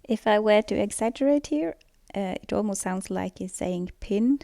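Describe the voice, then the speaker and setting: A woman's voice: a little high, expressive, normal speed, creaky, dark tone, no room sound, studio quality. A woman giving a scripted student presentation on pronunciation, explaining steadily with occasional fillers. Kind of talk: school presentation voice-over.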